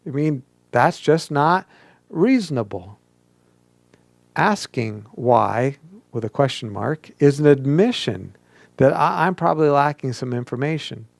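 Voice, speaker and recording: A man's voice: medium pitch, lively intonation, unhurried, creaky, dry recording. A male pastor giving an interactive sermon, coaching listeners to speak aloud and mimicking whiny questions.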